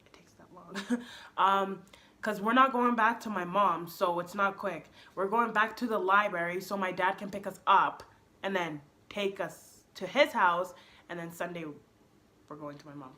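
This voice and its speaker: A young woman spins a casual storytime for her viewers, bouncing between narration and quick acted-out lines of dialogue. Her voice is bright and forward, and she tosses in slang as she goes. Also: medium pitch. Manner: animated, acts out quotes with slang. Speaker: storyteller vlogger.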